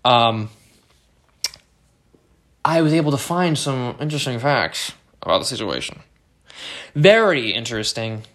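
A man's voice: medium pitch, big pitch swings, unhurried, long pauses, fairly bright tone. A young American man riffing alone on his podcast, loose and unscripted. He rambles, swears freely and circles back on himself with plenty of fillers and restarts. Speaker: podcast host. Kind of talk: casual solo podcast monologue.

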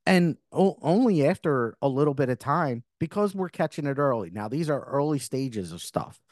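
Middle-aged male podcast host, mid-pitched, earnest and rambling, dry close sound. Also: big pitch swings, normal speed, a little mellow, no room sound. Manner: earnest, rambling with frequent restarts. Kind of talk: spiritual podcast monologue.

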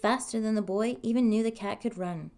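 A woman reading a fairy tale aloud in a calm, even storytelling manner. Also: on the high side, fairly quick.

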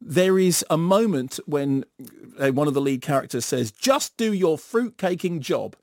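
A middle-aged man giving an animated, sardonic film review in a radio studio, acting out bits in silly voices. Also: on the high side, measured pace, dry recording. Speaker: film critic.

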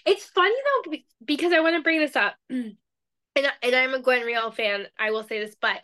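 A woman's voice: high-pitched, brisk, pushed and bright. A woman co-hosting a casual book podcast, chatty, with many fillers and frequent laughs. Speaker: podcast co-host.

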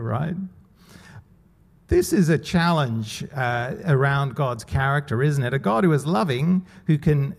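Aussie-ish pastor guy preaching, chatty, bit higher voice, lots of "right?" and "isn't it?". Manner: conversational, animated, with laughs and rhetorical questions. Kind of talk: sermon.

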